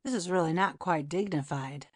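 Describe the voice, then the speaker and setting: A woman's voice: on the low side, normal speed, pitched below the performer's own voice, close to an everyday voice. A woman doing a dry, mechanical male chairman. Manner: clipped, mechanical. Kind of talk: audiobook character reading.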